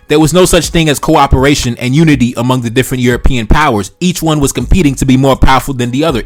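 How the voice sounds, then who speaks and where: A man giving an opinionated history commentary in colloquial speech, with emphatic delivery and sarcastic rhetorical questions. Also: mid-range voice.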